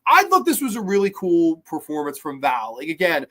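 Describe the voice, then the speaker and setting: Male host, casual film review, enthusiastic, slightly high-pitched. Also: wildly swooping pitch, moderate pace, sharp tone. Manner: enthusiastic, acts out quoted lines in a higher voice.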